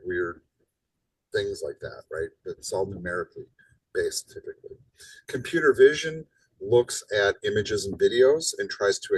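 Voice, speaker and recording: Male lecturer, low husky tone, a bit off-mic in a dry classroom; casual, animated teaching delivery. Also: dry recording, recorded from a distance, low-quality recording. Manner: casual, rhetorical "right?" tags, animated emphasis. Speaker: college instructor.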